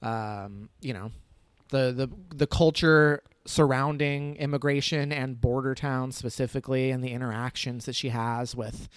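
A man's voice: mid-range voice, fairly even intonation, measured pace, clear, resonant tone, dry recording. A man hosting a casual film-ranking chat, talking in a rambling way full of fillers.

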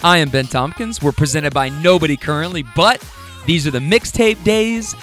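A man's voice: a little high, moderate pace, fairly bright tone, soft background music. A man hosting his own podcast, introducing the episode in a casual, enthusiastic and slangy way, rambling with restarts. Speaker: podcast host.

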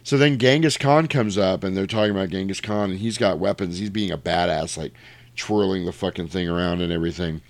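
Animated man retelling a movie. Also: a little fast, gravelly, dry recording. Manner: animated storyteller, acts out quotes in high voices, laughs often. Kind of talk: casual movie recap chat.

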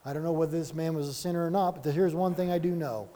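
Leading a Bible study, a man preaches in an animated, conversational style, sprinkling in chuckling asides and rhetorical questions. His voice is on the high side and he talks fast, with a long reverb tail trailing behind.

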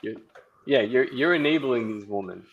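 A man bantering as a podcast guest, teasing and quick to jab at the others. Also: medium pitch, lively intonation, dull audio.

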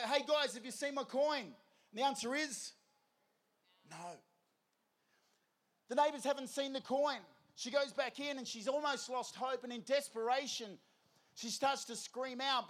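High-voiced preacher. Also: male voice, fairly quick. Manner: lively storytelling with crowd prompts. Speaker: youth preacher. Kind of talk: energetic festival sermon.

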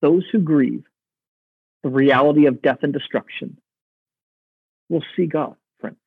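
A pastor preaching a sermon in an earnest, reflective way, slowing down to stress key words. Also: male voice, a little high, gravelly, slightly rough, no room sound. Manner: earnest, reflective, slows for emphasis. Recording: dry, phone-like narrow sound.

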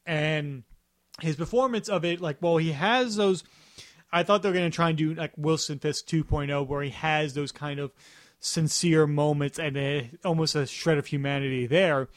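Male podcast co-host, slightly raised pitch, rambling casual talker, dry recording. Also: moderate pace, dry recording. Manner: rambling, with frequent restarts. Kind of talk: casual chat.

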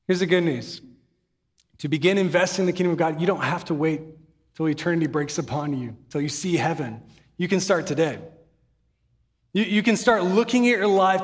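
A man's voice: high-pitched, fairly quick, big-room sound. A man giving a sermon as pastor, earnest and conversational, with humorous asides, in a church sanctuary.

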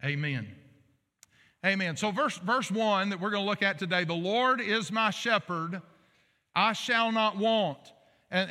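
Middle-aged male pastor, high voice, very bright and forceful tone, earnest emphatic sermon. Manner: earnest, emphatic preaching with repetition. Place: church sanctuary. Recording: long reverb of a large hall.

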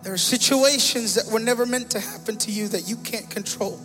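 A male pastor speaks a little fast in a high voice, delivering a sermon drawn from personal testimony, with faint music behind him. The church sanctuary gives a big-room sound, and he grows more intense, emotional, and loud, often repeating himself.

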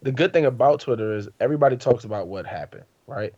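A laid-back man co-hosting a podcast, rambling loosely through his points. His voice sits at an ordinary middle pitch and sounds dry and a little dull. The feel is an easygoing chat among friends. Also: expressive, fast, darkish tone, breathy edge, dry recording. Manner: laid-back, rambling, says "you know what I'm saying" often. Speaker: podcast co-host. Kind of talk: casual podcast banter.

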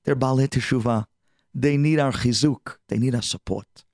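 A man voicing an excited, pushy Hasidic man who urges everyone to dance. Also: mid-range voice, normal speed, dry recording, clean studio sound, lightly acted. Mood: urging. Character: eager energetic Hasidic man, young adult.

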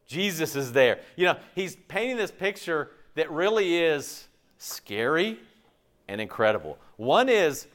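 Pastor, male, fairly high voice, chatty and joking, keeps asking the room questions. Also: a little slow. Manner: lively, conversational, joking with the congregation; asks the audience frequent questions. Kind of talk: sermon.

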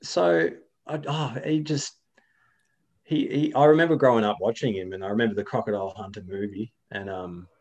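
A man's voice: fairly low pitch, steady tone, brisk, darkish tone. A young Australian man chatting casually as an interview guest, rambling with lots of fillers and restarts. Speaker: guest, video creator.

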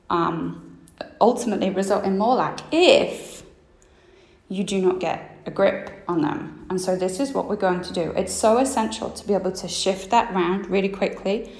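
A woman hosting a solo mindset podcast, acting out her inner thoughts with lively shifts of voice. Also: fairly high pitch. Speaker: podcast host. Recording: roomy echo.

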